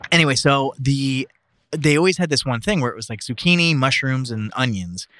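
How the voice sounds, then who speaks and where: A man's voice: mid-range voice, expressive, fairly quick, fairly bright tone, no room sound, clean studio sound. A young man in casual chat, rambling and swearing freely, laughing often as he tells stories.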